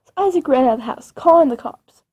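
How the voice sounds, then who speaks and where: A woman's voice: high-pitched, lively intonation, fast, phone-quality sound. A woman improvising a spooky story in a rambling, dramatic way with creepy asides.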